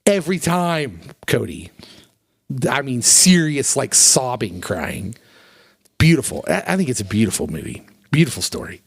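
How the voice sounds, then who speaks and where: Podcast guy retelling movie scenes, gets all emotional and animated, dry mic. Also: mid-range voice, moderate pace, creaky, breathy edge, no echo. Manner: animated, emotional, acts out quotes in raised voice. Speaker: podcast co-host.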